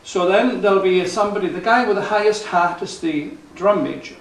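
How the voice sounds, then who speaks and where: Guy rambling thru a funny story onstage, highish voice, echoey and far off. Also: fairly quick. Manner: rambling, chuckling, with self-corrections. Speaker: folk musician telling a story on stage. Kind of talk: live anecdotal storytelling. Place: live concert venue. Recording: echoey, from a distant mic.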